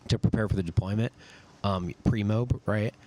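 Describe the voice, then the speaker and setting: A young man, a podcast guest and army sergeant, telling stories in a relaxed, casual way, full of "dude" and "like.". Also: lowish voice, normal speed, a little hiss or hum. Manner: laid-back, says "dude" and "like" a lot. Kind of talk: casual storytelling chat.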